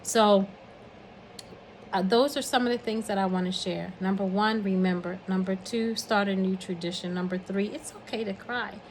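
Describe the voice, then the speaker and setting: A woman's voice: mid-range voice, fairly even intonation, normal speed, slight background noise, poor audio. Earnest older woman giving encouragement. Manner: earnest, encouraging, counts off numbered points. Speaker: speaker giving a message of encouragement. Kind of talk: heartfelt spoken message.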